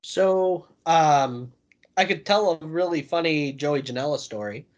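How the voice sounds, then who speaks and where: A man's voice: a little high, measured pace, dull audio. Man telling a casual, profane story. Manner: profane, laid-back anecdote telling.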